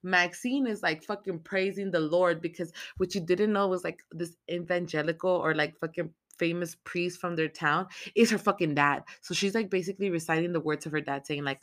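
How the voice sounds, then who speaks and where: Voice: mid-range voice, a little fast, few pauses. Foul-mouthed, rambling podcast host recapping a film. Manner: heavy swearing, rambling and excitable. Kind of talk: casual movie recap.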